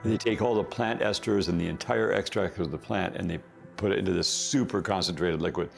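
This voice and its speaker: Man, very low voice, gravelly, rambling interview anecdote, faint music underneath. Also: fairly even intonation, fairly quick. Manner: rambling, self-correcting anecdote with laughs. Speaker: company founder as guest. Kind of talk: casual interview storytelling.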